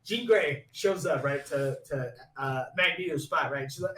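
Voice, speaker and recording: A man co-hosting a casual movie chat, laughing often and acting out scenes with loud, swearing quotes. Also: fairly high pitch, a little slow, echoey room, rough recording. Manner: animated, laughing, acts out scenes with shouted quotes. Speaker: podcast co-host.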